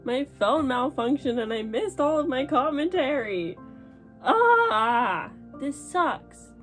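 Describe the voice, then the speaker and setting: A young woman vlogging casually about a book she is reading, with animated, dramatic reactions. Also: sits high, slow, faint music behind. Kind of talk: casual reading vlog chat.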